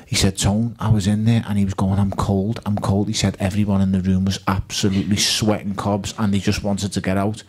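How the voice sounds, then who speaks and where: A man with a Liverpool accent, a guest at a live fan evening, telling lively stories and quoting himself and others. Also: on the low side, a little fast, few pauses, breathy edge. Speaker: guest boxer.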